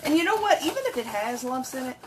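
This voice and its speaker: A woman's voice: high voice, sing-song, fast talker, very noisy. A woman, chatting to viewers through a casual cook-along at home. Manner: chatty, talks to viewers while working. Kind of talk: casual cooking livestream. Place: home kitchen. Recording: kitchen with clattering dishes and utensils.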